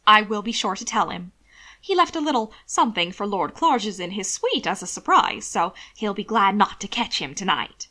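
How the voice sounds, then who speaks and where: A woman's voice: mid-range voice, big pitch swings, normal speed. A woman doing a cheery young valet. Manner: bright and cheery.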